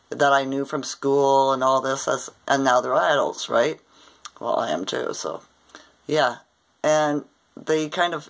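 The vlogger is an older woman from Ontario, Canada, whose low voice comes through a low-quality recording. She rambles casually through a dream she had, frequently ending sentences with "right?".

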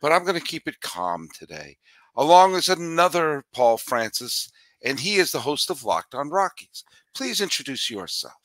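A man hosts a casual sports podcast with a bright, pressing voice. He rambles through fillers and restarts and gets loud out of sheer enthusiasm. The sound is close and dry. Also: a little high, normal speed, no echo. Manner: excitable, raises his voice out of enthusiasm. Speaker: podcast host.

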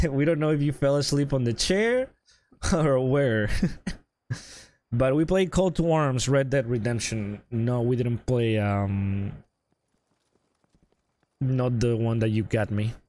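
A man's voice: mid-range voice, takes it slowly, long pauses, a little mellow. Chatty male stream commentator. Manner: chatty, greets viewers, jokey. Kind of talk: casual game commentary.

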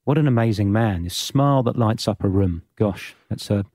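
Guy hosting a podcast chat, lowish voice, gentle and a bit stumbly, dry sound. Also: moderate pace, no echo. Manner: gentle, warm-hearted, stumbling restarts. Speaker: podcast host. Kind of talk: conversational interview.

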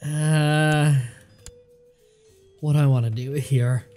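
Young man, sore throat, sick, casual game commentary, higher voice, faint music behind. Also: steady tone, slow pace, darkish tone. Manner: casual, self-mocking, thinking aloud. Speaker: let's play host. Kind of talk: gameplay commentary.

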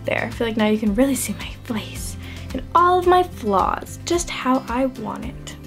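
A young adult beauty vlogger with a highish, animated, fairly bright voice talks her way through a makeup routine at a moderate pace. It's a casual tutorial chat, self-deprecating and full of "like," with soft music in the background.

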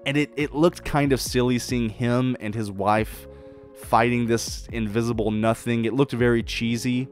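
A man hosting his own podcast, giving a blunt, profane, excitable solo review and acting out quoted lines. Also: medium pitch, normal speed, faint music behind. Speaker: podcast host reviewing shows. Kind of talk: casual solo review monologue.

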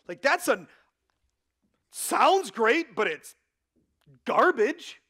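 A man's voice: very high voice, big pitch swings, extremely slow, pauses often, bright, forceful tone. A male pastor preaching a sermon in a conversational, emphatic way, often checking in with the congregation.

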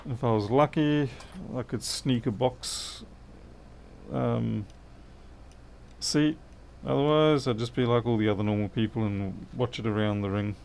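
Repair guy, middle-aged, bit of fry in the voice, thinks out loud and answers viewers. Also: medium pitch, steady tone, measured pace, a little hiss or hum. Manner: rambling, thinks aloud, answers chat. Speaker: repair technician livestreaming. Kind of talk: casual livestream chat while working.

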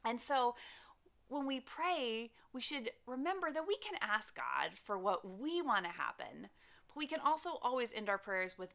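A woman's voice: fairly high pitch, big pitch swings, measured pace, gravelly, pushed and bright. A young woman teaching a children's church lesson, telling the story animatedly and acting out the characters.

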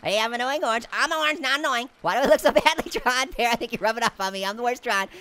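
Here the talking-orange character sounds close to an everyday voice: medium-pitched, fast, pushed and bright. The performer keeps him hyper and cheeky, giggling, punning and chattering nonstop through a playful cartoon let's-play of a game.

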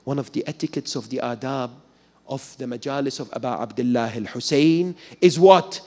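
A man giving a sermon as a sheikh, telling stories with sudden loud dramatic peaks. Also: mid-range voice, normal speed. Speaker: sheikh preacher. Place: mosque lecture hall.

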